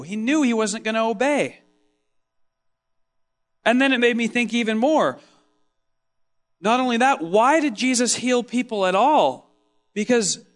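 Higher-voiced man preaching a dramatic monologue. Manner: expressive storytelling, swinging from loud exclaims to hushed tones. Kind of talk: first-person dramatic sermon monologue.

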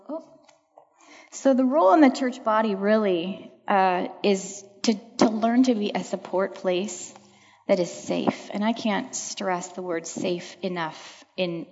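A woman counselor talks to a church audience with earnest, reflective warmth and emphatic repetition. Her voice carries a long echo from a large hall. The recording is dull and lo-fi. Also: medium pitch. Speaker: counselor answering audience questions. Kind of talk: church talk Q&A answer. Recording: echoey hall, dull lo-fi sound.

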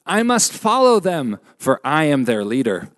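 A man's voice: fairly high pitch, sing-song, measured pace, no echo. A man voicing a pompous male French revolutionary leader in a mock French accent, theatrical and grand. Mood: mock grandeur.

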